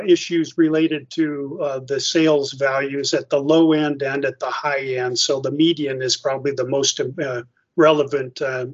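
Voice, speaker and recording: A man giving prepared public comments at a hearing, halting with frequent uhs. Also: mid-range voice, husky, highs cut off. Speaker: industry representative giving testimony.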